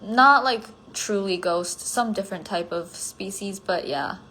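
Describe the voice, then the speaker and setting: A little hiss or hum runs under this solo phone livestream, where a tired woman casually answers fan comments. She rambles with drifting thoughts and many "like" fillers at a measured pace and medium pitch, now and then dropping to a soft near-whisper.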